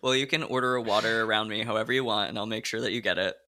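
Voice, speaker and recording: Male podcast host, lowish and bright, easygoing and reflective. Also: rapid-fire. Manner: relaxed, reflective, lots of "like" fillers. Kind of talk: casual chat.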